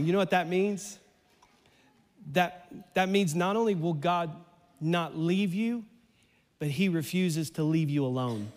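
A man preaching a sermon in a church, playful and animated, his voice climbing almost to a shout as he acts out lines. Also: high voice, measured pace, long pauses, big-room sound. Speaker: pastor.

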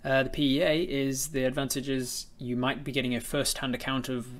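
A man narrating a tabletop game as the game master, relaxed and meandering, with frequent hesitations. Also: mid-range voice, a little fast.

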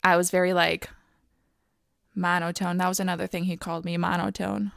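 A woman co-hosting a casual faith podcast, telling animated stories and laughing often. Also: lowish voice, brisk, creaky, dry recording, studio quality. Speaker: podcast co-host.

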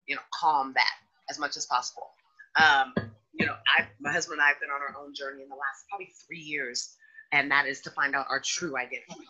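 Blunt animated woman hosting a podcast, bright husky voice, kinda dull lo-fi sound. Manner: candid, animated, slips into high mocking voices. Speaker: podcast host. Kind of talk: casual chat. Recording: dull lo-fi audio.

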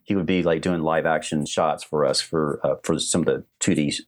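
Middle-aged male storyteller, very deep voice, loose and rambling, lots of restarts. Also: fairly even intonation, normal speed. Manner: rambling, many restarts and fillers. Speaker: animator guest telling stories. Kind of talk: casual storytelling on a livestream.

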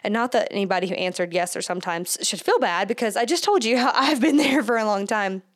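A woman's voice: mid-range voice, quick pace. A woman hosting a casual solo podcast, chatty and full of fillers, slightly out of breath with a stuffed-up nose. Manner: chatty, filler-heavy, laughs often. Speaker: podcast host.

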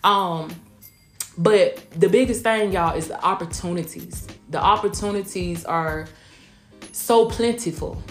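A woman's voice: on the low side, measured pace. A woman from small-town Georgia with a rural Southwest Georgia accent, hosting a casual motivational podcast in a folksy, emphatic way, calling listeners honey and y'all. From Blakely, Georgia, US. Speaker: podcast host. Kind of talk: casual motivational podcast chat, also streamed live. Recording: roomy echo with faint music behind.

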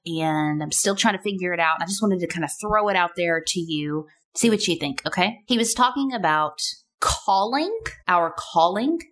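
A woman's voice: lowish voice, vocal fry, a bit bright. A woman in her thirties hosting a casual solo podcast, chatty and playful, full of rhetorical questions. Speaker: podcast host.

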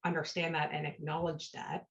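A woman's voice: deep voice, little pitch movement, normal speed. A woman hosting a podcast, telling personal stories in a casual, heartfelt way and often checking in with "right?". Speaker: podcast host. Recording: dull lo-fi sound.

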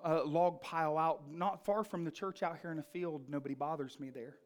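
A woman preacher voicing a homeless man in his twenties, speaking low and subdued in a retold story. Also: fairly even intonation, moderate pace, natural voice. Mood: resigned. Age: 20s. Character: homeless young man, weary and quiet.

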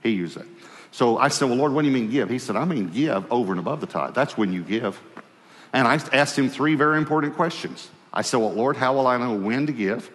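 A man's voice: brisk, in a large hall. A man preaching a sermon, telling a personal story and acting out the dialogue in it. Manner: animated storyteller, acts out dialogue, dropping low and quiet for God's voice.

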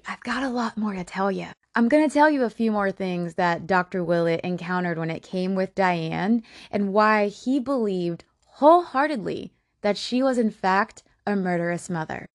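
Podcast host, woman, mid-pitched, dry close sound, blunt and cursing. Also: no echo. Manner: blunt, swears freely, emotionally invested. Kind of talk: casual true-crime narration.

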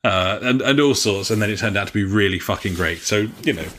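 A man's voice: lowish voice, fairly quick, fairly bright tone, a little hiss or hum. A man co-hosting a casual gaming podcast, chatty and swearing freely between filler sounds. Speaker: podcast co-host.

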